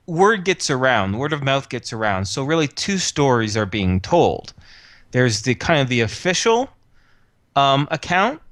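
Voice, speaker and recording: A male game master narrates a tabletop role-playing game in an easygoing way. He fills his sentences with ums and little chuckles. His voice has a middle pitch and a close, dry sound. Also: a bit bright, dry recording. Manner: casual, chuckling often, many fillers.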